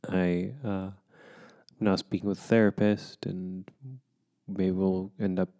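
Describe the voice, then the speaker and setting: A man speaking softly and haltingly about a hard time, emotionally drained, in a candid personal conversation. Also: low voice, flat delivery. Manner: soft-spoken, halting, with many pauses and restarts. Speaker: co-host.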